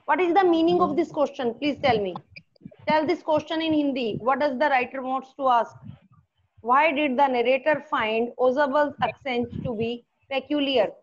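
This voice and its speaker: An Indian woman with a high voice runs a lesson, asking each question twice and explaining it step by step. She mixes in a few Hindi words. The sound is muffled and lo-fi. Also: moderate pace. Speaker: teacher. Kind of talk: online class lesson.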